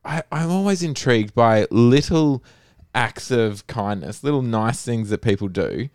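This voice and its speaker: A man's voice: medium pitch, lively intonation, a little slow, darkish tone, clean tone, no room sound, clean studio sound. A man hosting a casual podcast chat, curious and full of long follow-up questions. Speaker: podcast host.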